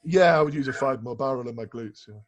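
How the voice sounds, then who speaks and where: A bodybuilding coach guesting on a podcast talks fast in a mid-range voice. He's an animated storyteller, rambling casually through profane tales packed with restarts and fillers.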